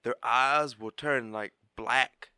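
A man's voice: medium pitch, steady tone, takes it slowly, bright, forceful tone, no room sound, clean studio sound. A man co-hosting a podcast, joking around with crude, slangy, profane talk. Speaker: podcast co-host. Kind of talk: crude casual banter.

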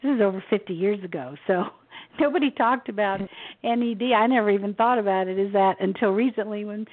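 Older lady guest telling her story soft and halting, thin phone-line sound. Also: mid-range voice. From Memphis, Tennessee, USA. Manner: soft-spoken, halting, with small laughs. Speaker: guest author. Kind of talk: personal storytelling.

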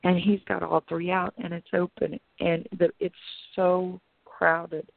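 A woman who is a pastor and author, appearing as a guest, tells an emotional personal story with earnest intensity that drifts into preaching, dramatically voicing her own inner thoughts as she goes. Her gravelly voice sits on the low side with little pitch movement and an unhurried pace. The audio is a thin, tinny phone line, dry with no echo or room sound.

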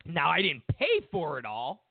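Male talk host, casual rambling storyteller, very expressive pitch, phone-thin sound. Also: normal speed, vocal fry, dry recording. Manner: animated storytelling with restarts. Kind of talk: casual monologue. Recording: tinny phone-like audio, dry.

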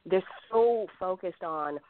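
A woman hosting a radio interview, talking in a measured, emphatic way and stressing key words. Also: fairly low pitch, a little hiss or hum. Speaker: radio host. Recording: dry tinny phone-like line.

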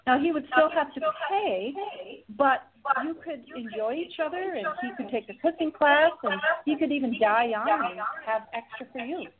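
High-voiced woman on a phone line. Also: lively intonation, normal speed, a crowd in the background. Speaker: guest knitting instructor. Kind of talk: casual chat.

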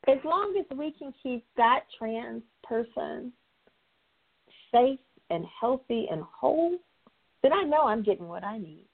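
A woman's voice: on the high side, animated, measured pace, gravelly, breathy edge. Emphatic woman on a tinny line. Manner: emphatic, repeats key phrases for stress. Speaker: guest, nonprofit consultant and facilitator. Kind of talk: conversational discussion.

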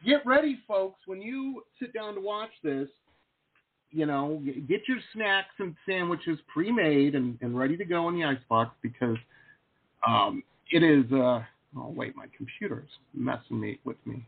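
A man's voice: fairly high pitch, lively intonation, moderate pace, vocal fry, breathy edge. A man hosting an interview over a video call, chatty, jokey and rambling. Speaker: host, painter. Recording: tinny phone-like call audio.

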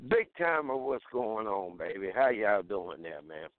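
Heated man on a call-in line, low voice, dry and tinny phone sound. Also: big pitch swings, unhurried, dry recording. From Houston, Texas. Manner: heated, indignant, blunt. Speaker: caller. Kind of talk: call-in talk radio rant.

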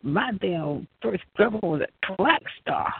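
A man with a raspy, gravelly voice, rambling and swearing in a loose monologue. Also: high voice, lively intonation, slow, dry recording. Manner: profane, rambling, laughs often. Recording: tinny phone-like line, dry.

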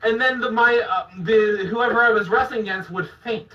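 Man, high voice, animated storyteller, roomy room, dull distant podcast sound. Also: normal speed. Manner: laughing, animated storyteller who acts out quotes. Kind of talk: casual storytelling.

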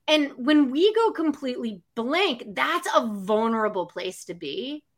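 A woman's voice: high voice, expressive, unhurried. A woman who works as a psychic medium, talking casually, full of fillers and acting out the voices of the people she quotes. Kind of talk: casual chat.

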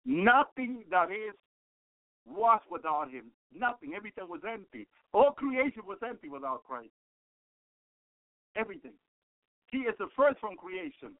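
Fervent male radio preacher, high voice, dry close sound, repetitive praise. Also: dry recording. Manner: repeats phrases, fervent exclamations of praise. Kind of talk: sermon. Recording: tinny phone-like radio broadcast.

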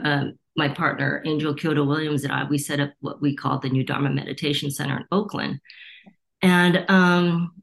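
A woman's voice: low-pitched, creaky, a bit bright. A middle-aged woman from the United States, a Reiki teacher, telling stories in an interview and acting out the voices of people she quotes. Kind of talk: storytelling interview.

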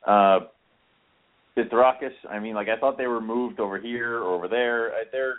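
A podcast co-host speaks in a medium-pitched voice at a moderate pace, the audio tinny like a phone line. His casual chat is rambling and self-deprecating, sprinkled with offhand swearing.

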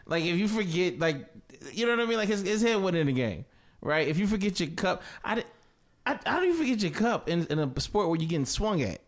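Animated, story-telling podcast guy. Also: high-pitched, brisk. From Atlanta area. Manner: animated storyteller, acts out quotes. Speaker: podcast co-host. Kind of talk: casual comedic sports chat.

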